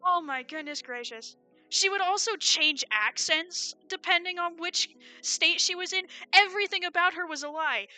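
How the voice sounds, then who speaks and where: A woman's voice: extremely high pitch, normal speed, bright, forceful tone, faint music behind. A young American woman with an American accent, giving an opinionated, rambling livestream rant full of fillers. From United States. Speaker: streamer.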